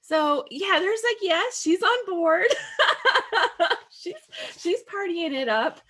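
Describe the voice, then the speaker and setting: A woman's voice: very high voice, lively intonation, slow, fairly bright tone. A woman hosting a casual scrapbooking livestream, chatty and bubbly, laughing often and filling with "like.". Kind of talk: casual craft livestream chat.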